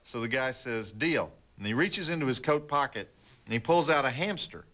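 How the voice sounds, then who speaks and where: A middle-aged man hosting a late-night movie show, telling stories and jokes in a wry, deadpan way. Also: medium pitch, a little fast. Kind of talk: folksy TV host patter and joke telling.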